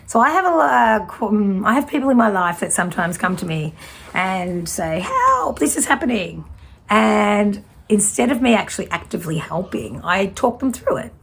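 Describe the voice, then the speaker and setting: Breathy woman reading tarot. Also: mid-range voice, normal speed. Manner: fiery, direct, blurting. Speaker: tarot reader. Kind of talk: casual spiritual tarot reading.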